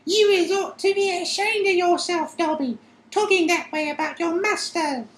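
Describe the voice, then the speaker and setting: A man voicing a tearful, loyal female house-elf with a shrill, very high voice and broken grammar, in a roomy-sounding recording. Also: normal speed, fairly bright tone. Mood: scolding. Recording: roomy echo.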